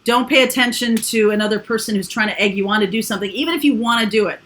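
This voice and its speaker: A woman's voice: fairly high pitch, quick pace, fairly bright tone. A woman giving a casual, rambling tarot reading full of fillers and asides. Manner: chatty, rambling, with frequent fillers. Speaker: tarot reader.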